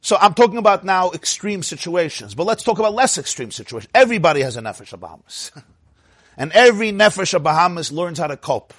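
A man teaching a lively Torah class, asking his listeners questions and acting out the people in his stories. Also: high-pitched, quick pace, slightly rough, dry recording, studio quality. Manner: animated, asks the audience "huh?" and acts out quotes. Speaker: rabbi.

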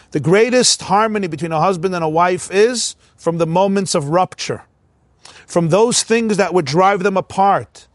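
A man giving a spoken religious lesson, animated, often acting out inner voices in quotes. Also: high voice, dry recording, clean studio sound. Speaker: religious teacher.

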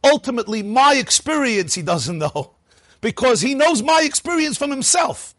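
A high-pitched, husky male voice swinging widely up and down as he lectures. He fires off rhetorical questions and laughs at his own points. The sound is close and dry. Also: sing-song, moderate pace, fairly bright tone, no echo. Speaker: rabbi teaching a class. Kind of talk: lively Torah lecture.

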